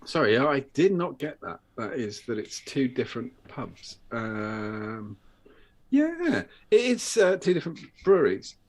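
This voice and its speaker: Lively british man co-hosting. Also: medium pitch, measured pace. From United Kingdom. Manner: animated storyteller, swears, breaks into laughs and put-on voices. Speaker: co-host. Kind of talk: casual banter on a live show.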